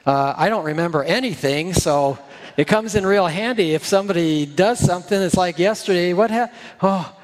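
Folksy pastor preaching in a reverberant hall. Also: male voice, fairly high pitch. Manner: folksy, joking asides. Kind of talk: sermon.

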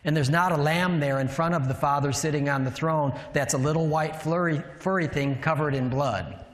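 A man with a somewhat high voice preaches and teaches, chatty and quick to quiz his listeners with rhetorical questions. His voice rings through a large room, and a long reverb trails after each phrase. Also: steady tone. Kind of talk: sermon teaching. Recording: echoey hall with long reverb.

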